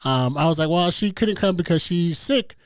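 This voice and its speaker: A man's voice: on the high side, animated, normal speed, no room sound. A man co-hosting a podcast, telling a story in casual chat, blunt and profane. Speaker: podcast co-host.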